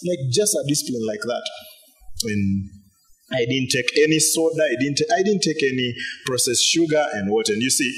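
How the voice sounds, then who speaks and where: A pastor preaching a sermon in a loose, conversational way, repeating phrases and using fillers. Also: male voice, medium pitch, expressive, moderate pace, a bit bright, low-quality recording.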